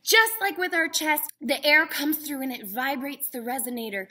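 Young female drama teacher, upbeat and encouraging, high bright voice for a kids' voice lesson. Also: animated, moderate pace, few pauses. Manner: encouraging, demonstrates vocal exercises. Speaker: acting teacher. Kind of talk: voice lesson for kids.

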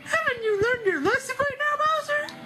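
A sugary young princess with a squeaky, mouse-like voice that sits extremely high. She speaks with gentle, overly polite sweetness. Game music plays loudly behind her. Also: animated, moderate pace. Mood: sugary sweet. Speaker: gamer reading dialogue aloud.

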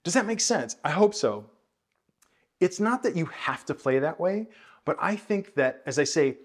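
A man teaching jazz bass in a video lesson, explaining thoughtfully with many hedges and counting and scatting rhythms aloud. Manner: thoughtful, hedging explanations with frequent "I think".

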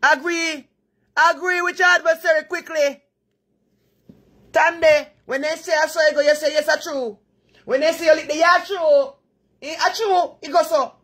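A woman's voice: extremely high pitch, fairly even intonation, moderate pace, a bit bright. A Jamaican woman hosting a live stream, giving earnest moral advice in patois-laced talk. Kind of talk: preachy live chat.

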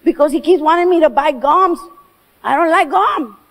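A woman voicing a restless little girl who pleads loudly and impatiently. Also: high voice, normal speed, voice pushed up. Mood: pleading.

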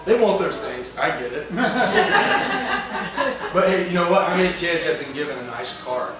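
A man's voice: high voice, sing-song, a little slow, a bit bright. A male pastor preaching a sermon with emphatic delivery, often asking the congregation questions. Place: church sanctuary. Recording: echoey church hall from far off.

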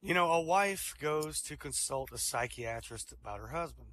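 Bright-voiced laid-back male comic. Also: mid-range voice, moderate pace, few pauses, slight background noise. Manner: laid-back, fills with "you know" and "um", laughs at his own jokes. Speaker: stand-up comedian. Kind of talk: stand-up one-liners for an online voice-chat comedy show.

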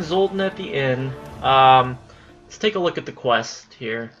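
A man's voice: mid-range voice, expressive, unhurried, a bit bright, dull audio, faint music behind. A man casually commentating over his gameplay in a rambling, profane way. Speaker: gaming channel host.

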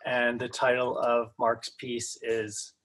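A man's voice: mid-range voice, monotone, slow, background noise. A man hosting a reading, introducing the next reader over a video call. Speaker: reading host.

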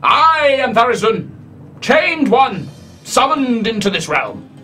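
A man voicing a grandiose, paranoid floating eyeball monster in a tabletop game, booming and indignant. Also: big pitch swings, takes it slowly, sharp tone, faint music behind, full character voice.

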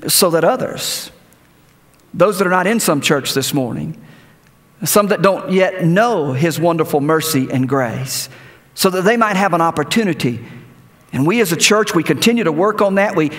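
A male pastor delivers an animated sermon in a church sanctuary. His voice sits high and swings widely in pitch, and a long hall reverb trails after his words. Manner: animated preaching with repeated words and rhetorical questions.

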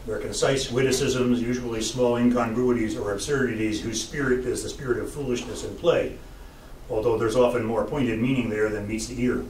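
A man's voice: medium pitch, fairly even intonation, fairly quick, a little mellow, a little hiss or hum. A man giving a humorous public lecture as a college professor, with a dry, wry storytelling delivery. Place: lecture hall. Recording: echoey lecture hall, distant mic.

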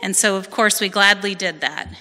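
A woman in her forties from California giving a personal testimony at a church service, telling her story in a lively way and acting out the people she quotes. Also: medium pitch, normal speed, in a large hall. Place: church hall.

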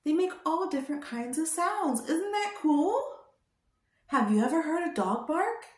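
A woman teaching toddlers, speaking slowly in a sing-song, coaxing way and asking them gentle questions. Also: sits high, very animated, far from the mic. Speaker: children's educator. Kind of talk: toddler lesson with sign language. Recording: roomy echo.

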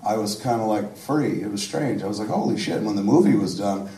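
A man from suburban New Jersey answers audience questions in a live Q&A, telling rambling, profane, self-deprecating stories. His voice is fairly low and mellow, a little fast, heard from a distant mic in an echoey room.

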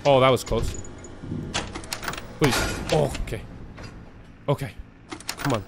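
A man giving live commentary as he plays a horror game. He is jumpy and nervous, repeats words in quick bursts and begs the game's enemies to go away. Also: medium pitch, gravelly, background noise. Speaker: gaming video creator. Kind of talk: live let's-play commentary.

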